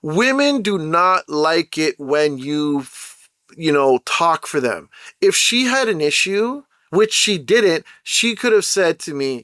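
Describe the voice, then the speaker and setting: A man's voice: sits high, very animated, unhurried, fairly bright tone, no echo, studio quality. A young man hosting his own talk show, telling an irritated story in slangy casual speech. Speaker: podcast host. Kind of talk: casual monologue rant.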